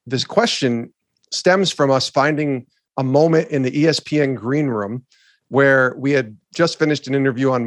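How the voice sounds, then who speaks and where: A middle-aged man co-hosting a talk show, telling a story in an earnest, animated way and acting out the people he quotes. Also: mid-range voice, no echo, studio quality. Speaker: podcast co-host. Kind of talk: storytelling in a conversation.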